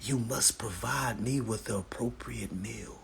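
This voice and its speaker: A man voicing a pompous male inmate who stiffly demands special treatment, in a husky, hushed whisper. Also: medium pitch, unhurried, a little hiss or hum, voice pushed down. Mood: demanding.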